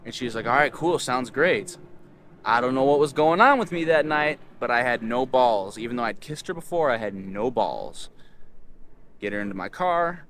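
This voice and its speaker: Animated young man telling a story. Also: a little hiss or hum. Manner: animated, swings between low mumbles and loud excited outbursts; heavy use of filler words and slang. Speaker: host. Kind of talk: casual storytelling.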